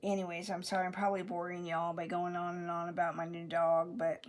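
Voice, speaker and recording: A middle-aged woman, chatting casually while she crafts. She rambles with many restarts and drops into soft whispered asides. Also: on the low side, monotone, fairly quick. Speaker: crafting vlogger.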